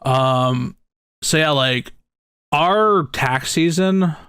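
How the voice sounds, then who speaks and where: A man's voice: a little high, drawn-out words, fairly bright tone, clear, resonant tone, dry recording, clean studio sound. A man hosting a podcast, talking in a rambling, jokey way about work and his dog. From United States. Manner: rambling, jokey, laughs often. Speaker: podcast host. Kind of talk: casual chat.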